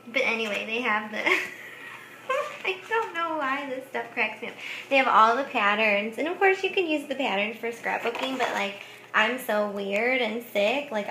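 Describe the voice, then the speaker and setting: A woman's voice: fairly high pitch, animated, measured pace, sharp tone, a little hiss or hum. Giggly chatty woman vlogger, roomy sound. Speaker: craft vlogger. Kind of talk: casual chat showing thrift finds. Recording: echoey room.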